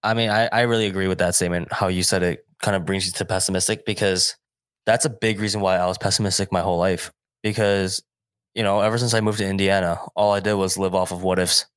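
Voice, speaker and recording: A man co-hosting a podcast in casual chat, easygoing and agreeable, quick to laugh. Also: low-pitched, steady tone, clear, resonant tone, no room sound, clean studio sound. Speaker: podcast co-host.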